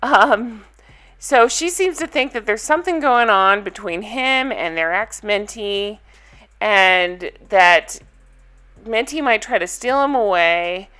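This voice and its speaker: A woman's voice: medium pitch, animated, slow, sharp tone, clear, resonant tone. A woman vlogger chatting casually through a TV recap, blunt and opinionated, often laughing.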